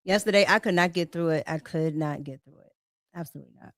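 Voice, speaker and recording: A woman's voice: low-pitched, quick pace, no echo, studio quality. A woman co-hosting a casual livestream, chiming in with short reactive remarks.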